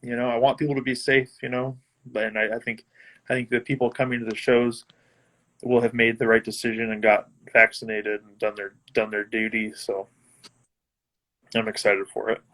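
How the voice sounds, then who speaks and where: A guest guitarist chats casually over a live video call, laid-back, laughing often and swearing now and then. His voice is mid-range and a bit bright, with little pitch movement and a normal pace.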